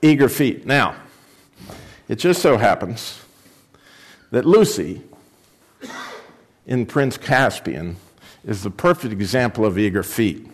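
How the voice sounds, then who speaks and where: A man's voice: slow pace, pauses often. Man preaching and reading a story aloud. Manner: expressive reader, raising pitch for the girl's lines.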